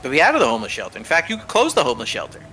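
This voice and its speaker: A man chatting casually as a streamer co-host, telling lively stories and swearing freely. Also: medium pitch, rapid-fire, distant mic, slight background noise, low-quality recording. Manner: animated storyteller, swears freely. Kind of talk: casual chat while gaming.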